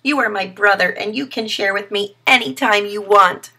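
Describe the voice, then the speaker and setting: Woman reading a small boy turtle, soft little voice, bright, breathy, storybook. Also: mid-range voice, normal speed, voice pushed up. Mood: apologetic. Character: small shy young male turtle.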